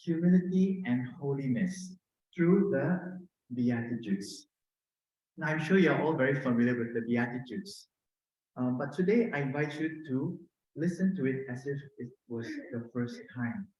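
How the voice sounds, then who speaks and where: A middle-aged man with a Filipino accent gives a conversational sermon in a gentle, personal way, often asking "no?". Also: medium pitch, expressive, unhurried, lo-fi sound. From Philippines. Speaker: preacher. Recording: very echoey room.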